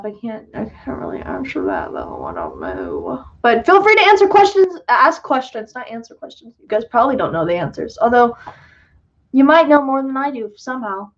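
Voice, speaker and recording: Giggly high-voiced woman on a livestream. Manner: chatty, self-deprecating, giggly, many fillers. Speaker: livestream host and filmmaker. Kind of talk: casual livestream Q&A chat. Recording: dull lo-fi sound.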